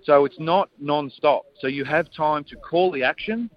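An Australian man, a former player turned commentator, speaking as a guest in a measured, thoughtful way. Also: a little high. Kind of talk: radio interview by phone. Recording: dull phone-line audio.

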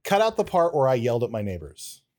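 Guy cohosting a podcast, lively up and down voice, dry jokey delivery. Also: mid-range voice, quick pace. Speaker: podcast co-host. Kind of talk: casual chat.

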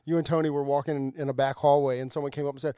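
A man co-hosting a podcast, talking in a quick, self-deprecating way and laughing often. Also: medium pitch, level tone, warm tone, clear, resonant tone, no room sound, studio quality. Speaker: podcast co-host. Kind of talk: casual chat.

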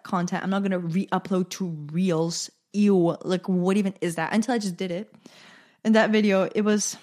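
A woman's voice: mid-range voice, darkish tone. Chatty young woman hosting her podcast. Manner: chatty and self-amused, laughs at own jokes. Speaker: podcast host. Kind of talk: casual solo podcast monologue.

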